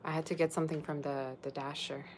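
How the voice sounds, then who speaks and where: A woman's voice: low-pitched, level tone, fast, background noise. A woman tarot reader chatting casually on a livestream, rambling and talking straight to her viewers.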